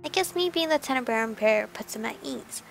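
Young woman, let's play narration, gravelly fry, gushing asides, faint music underneath. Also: a little high, animated, fast talker. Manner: reads story aloud, breaks off for gushing asides. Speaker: gamer reading a visual novel.

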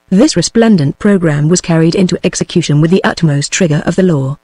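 A synthetic woman's voice with a British English accent, reading a novel aloud in an even, computer-made way. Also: on the low side, a little fast, few pauses, dry recording. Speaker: audiobook narrator. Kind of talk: scripted narration.

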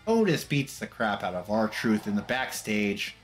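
With a sing-song voice on the low side, a man takes his time recapping wrestling matches as a gameplay commentator. His commentary is casual and wry, sprinkled with mock quotes, and music runs beneath it.

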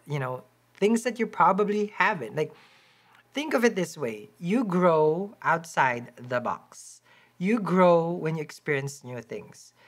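A woman with a Filipino accent giving a lively, chatty tarot reading and promoting her shop, laughing often. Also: slightly rough. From Philippines. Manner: high-energy, chatty, laughs often, restarts words. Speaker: tarot reader and shop owner.

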